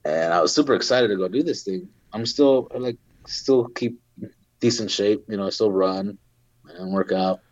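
A man in his forties, a Marine veteran, telling stories casually in an interview, full of fillers and quick laughs. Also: on the low side, a little mellow, no room sound, muffled recording.

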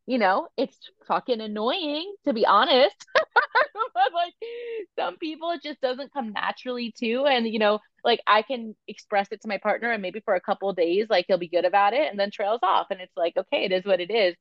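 A woman in her thirties, a photographer and coach, talking candidly in an interview, animated and full of filler words. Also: on the high side, fairly quick, dry recording, muffled recording. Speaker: podcast guest, photographer and coach.

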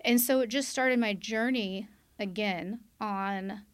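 A woman's voice: mid-range voice, slow, clear, resonant tone. A woman sharing a candid personal testimony on a podcast, earnest and quoting her past self aloud. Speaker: guest sharing her story.

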